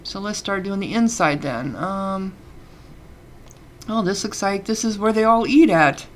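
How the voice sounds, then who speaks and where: A woman's voice: medium pitch, measured pace, slight background noise. A woman casually commenting on a game she is playing, chatty and reading the game text aloud between fillers. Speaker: let's play gamer.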